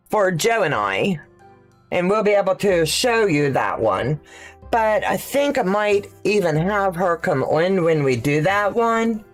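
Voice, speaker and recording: Slow, chatty woman quilting live. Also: medium pitch. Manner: chatty, thinks aloud with fillers, answers viewer questions. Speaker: quilting livestream host. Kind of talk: casual live sewing demonstration.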